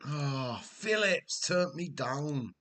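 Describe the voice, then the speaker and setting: A man's voice: fairly high pitch, lively intonation, drawn-out words, a bit bright. A man with a Welsh accent hosting a live game stream, chatting casually, laughing often and telling rambling family stories. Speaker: livestream host. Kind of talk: casual livestream chat.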